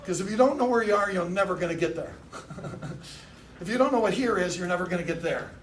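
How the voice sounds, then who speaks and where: Delivering a motivational sales talk in a dealership meeting room, this man has a high-pitched, animated voice and a quick pace. He coaches a room of car salespeople in punchy lines, getting them to answer back in call-and-response, and the distant recording carries slight background noise.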